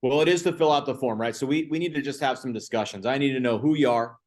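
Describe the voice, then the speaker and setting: A man's voice: medium pitch, fast talker. A man guest explaining franchise steps point by point, often checking in with "right?". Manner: ends points with tag questions. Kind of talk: explaining a process.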